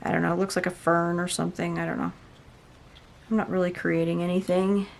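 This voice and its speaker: A woman hosting an unboxing video, chatting casually and gushing with loud exclamations as she tries a paint product. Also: fairly low pitch, level tone, a little fast, vocal fry. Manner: gushing, exclaims often and addresses viewers as "you guys". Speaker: unboxing and product review host. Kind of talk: excited casual unboxing chat.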